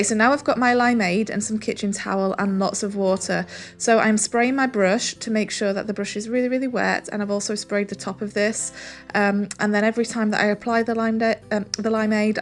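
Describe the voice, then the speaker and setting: A woman narrating a furniture painting tutorial, relaxed and chatty, with soft music behind. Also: medium pitch, fairly quick. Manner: relaxed, chatty, says "um" and "really, really" often. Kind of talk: step-by-step painting tutorial voice-over.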